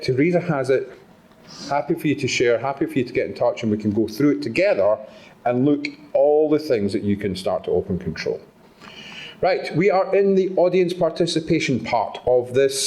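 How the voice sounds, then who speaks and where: Scottish man, conference speaker, animated pitch, engaging, audience participation. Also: a little fast. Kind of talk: live talk to an audience. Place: conference hall.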